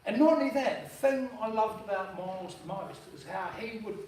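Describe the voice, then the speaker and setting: A man's voice: sits high, lively intonation, brisk, darkish tone, slight background noise. A man giving an informal eulogy for his brother-in-law at a memorial service, telling stories in a blunt, casual way with slang and swearing. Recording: echoey room, heard from a distance.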